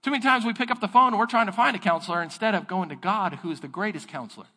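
A man preaching a sermon as pastor, lively and animated, breaking into high voices when he quotes people and God. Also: very fast. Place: church sanctuary. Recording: church hall with long reverb.

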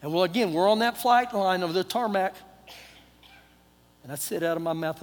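A middle-aged man with a Texan accent preaching a sermon, telling a personal story in a folksy way, acting out dialogue, his voice swinging between loud and hushed. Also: high-pitched, moderate pace, long pauses. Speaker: pastor. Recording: long hall reverb.

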